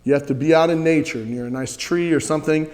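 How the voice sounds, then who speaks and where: A man's voice: fairly high pitch, quick pace, a little mellow, in a large hall. A man teaching a spiritual practice, earnest, leading listeners in repeated chants.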